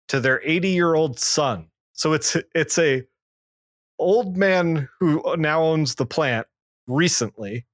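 Recorded dry with clean studio sound, a man with a fairly bright tone co-hosts a podcast and casually recaps a comic book plot. His telling is loose, packed with fillers and restarts, and he voices characters lower.

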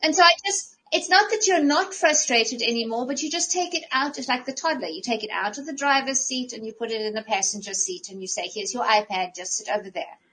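Upbeat woman coach on a chat podcast, lively, restarts phrases, bright tone. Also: high voice, fairly quick, hardly any pauses, low-quality recording. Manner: animated, restarts phrases often, acts out her own thoughts. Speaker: podcast co-host and life coach. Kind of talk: casual conversational podcast.

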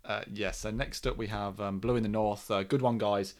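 An Australian man co-hosting a podcast, reading listener mail in a relaxed, easygoing way. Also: on the low side, moderate pace. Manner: relaxed, easygoing, says "mate". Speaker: podcast co-host.

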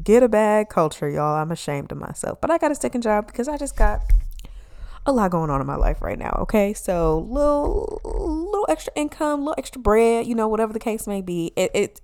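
Woman podcast host in her twenties, clear smooth voice, sassy comic solo rant, loose and profane. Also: medium pitch. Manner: animated, sassy, swears freely. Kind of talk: casual comedic monologue.

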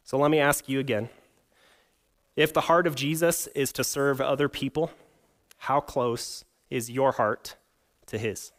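A man's voice: mid-range voice, fairly even intonation, a little slow, long pauses, fairly bright tone. Man preaching a casual sermon. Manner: storytelling with humor, rhetorical questions. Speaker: pastor.

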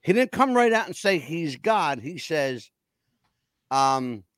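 Blunt, profane man with a lively voice. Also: a little high, takes it slowly, no room sound. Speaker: podcast host. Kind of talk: casual chat.

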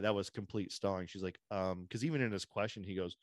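Deep-voiced rambling podcast host man. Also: fairly even intonation, fast, no echo, studio quality. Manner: opinionated, rambling with stuttered restarts. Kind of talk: casual political chat.

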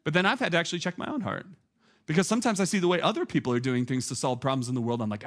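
A man in his thirties preaching a sermon as a pastor, conversational and animated, full of filler words, climbing toward near shouts. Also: high-pitched, very fast.

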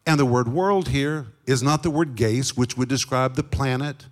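Middle-aged male preacher, mid-range voice, emphatic, drawn-out stresses on key words. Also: mid-range voice. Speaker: guest Bible teacher. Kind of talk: sermon.

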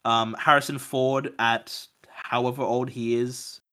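Bright-voiced man chatting about films. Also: medium pitch, a little slow, clean tone, no echo. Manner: animated, swears freely, restarts mid-sentence. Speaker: podcast host. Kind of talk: casual film chat.

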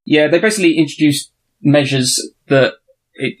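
A man's voice: a little high, normal speed. A man, talking casually and wryly on a video call as a podcast co-host. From England. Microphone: computer mic on a video call.

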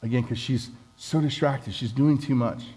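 A man's voice: mid-range voice, moderate pace, a little mellow, slightly rough, low-quality recording. A man preaching a conversational sermon, candid and self-deprecating as he talks with the congregation.

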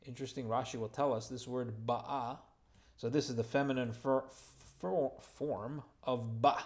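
A man at a middle pitch teaches a Torah lesson verse by verse, reading each Hebrew phrase before rendering it in plain English. His tone is steady and his pace a little slow, and he drops in informal, gently humorous asides along the way.

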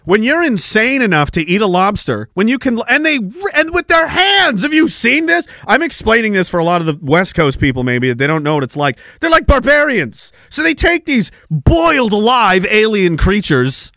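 High-voiced man ranting with a profane streak. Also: moderate pace, few pauses, no room sound, clean studio sound. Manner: animated, swearing, chuckling, swings loud to mumbled. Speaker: podcast host. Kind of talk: rambling profane livestream rant.

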